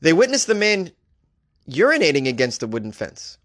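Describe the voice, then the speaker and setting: A man's voice: fairly high pitch, wildly swooping pitch, normal speed, a bit bright, dry recording, clean studio sound. A man hosting a comedic news podcast, joking and laughing at his own gags as he reads out the stories.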